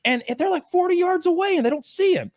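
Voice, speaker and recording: A man's voice: very high voice, expressive, fast talker, darkish tone, dry recording, studio quality. A man on a casual podcast, telling a story with acted-out quotes and a lot of swearing. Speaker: podcast co-host.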